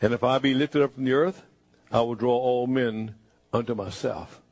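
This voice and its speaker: A man preaching a sermon, speaking in first person as Jesus and moving between hushed, slow lines and emphatic bursts. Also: medium pitch, steady tone, no echo.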